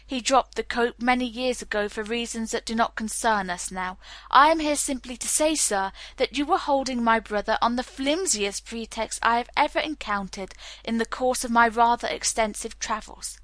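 A woman's voice: a little high, moderate pace, fairly bright tone, no room sound, lightly acted. A woman reading the part of a haughty, imperious middle-aged naval captain, stiff and formal. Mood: cutting.

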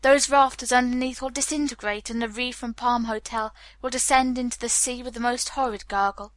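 A woman's voice: fairly high pitch, fairly even intonation, a little fast, no echo, close to an everyday voice. Woman doing a solemn formal detective.

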